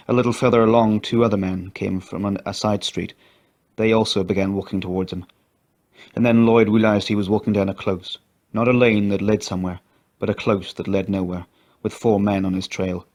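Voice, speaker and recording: A man narrating an audio story in a steady, measured way. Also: on the low side. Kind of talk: scripted narration.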